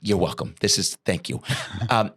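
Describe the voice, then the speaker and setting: A man's voice: sits low, normal speed, a bit bright. A man briefly voicing a polite, fussy older man in a story he is telling, with earnest, anxious requests. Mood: earnest fretting.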